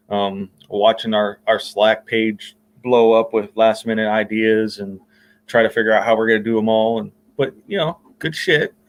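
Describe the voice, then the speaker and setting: A man's voice: fairly low pitch, poor audio. Easygoing rambling male podcast host. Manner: rambling, filler-heavy, easygoing. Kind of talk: casual chat.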